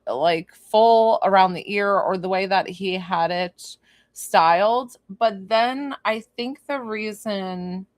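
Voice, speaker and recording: A woman gives a one-on-one spirit reading as a psychic medium. She talks in a loose, chatty way and thinks aloud, filling her pauses with lots of ums and likes. Her voice sits at a middle pitch and is recorded dry, with no room sound. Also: no room sound. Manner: chatty and informal, thinking aloud with many fillers; bursts into laughter.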